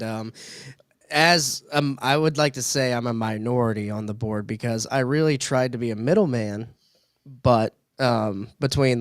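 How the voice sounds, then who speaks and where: A man's voice: medium pitch, clear, resonant tone, no room sound, studio quality. A man on a casual political podcast, speaking hesitantly with many ums. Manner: hesitant, halting, lots of ums. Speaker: podcast co-host, party board member.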